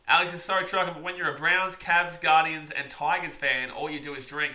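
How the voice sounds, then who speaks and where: A man giving live play-by-play reactions on a stream, chatting with viewers and shouting over big plays. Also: fairly high pitch, steady tone, fairly quick, few pauses, reverberant.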